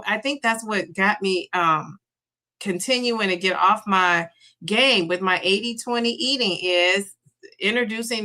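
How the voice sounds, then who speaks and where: A woman's voice: medium pitch, pushed and bright. A middle-aged woman hosting a casual livestream, chatting openly, reading viewer comments aloud and cheering people on. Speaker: livestream host.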